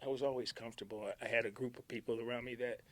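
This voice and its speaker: A man's voice: mid-range voice, steady tone, rapid-fire, fairly bright tone. Laughing, joking ex-morning-radio man. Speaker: former morning radio host, guest. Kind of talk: casual interview. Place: radio station.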